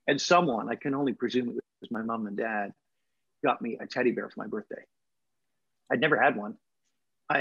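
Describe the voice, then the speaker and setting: A man's voice: medium pitch, vocal fry, a bit bright, husky, highs cut off. A man in his sixties, raised in England, with a Canadian accent, telling personal stories reflectively in an interview. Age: 60s. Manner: reflective, emotional storyteller with laughs. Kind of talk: storytelling interview.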